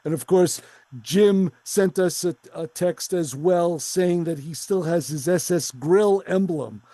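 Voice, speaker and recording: A man's voice: high voice, takes it slowly, warm tone, no room sound. A man co-hosting a radio car show, telling a long story and acting out the voices of the people in it. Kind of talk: casual storytelling on talk radio.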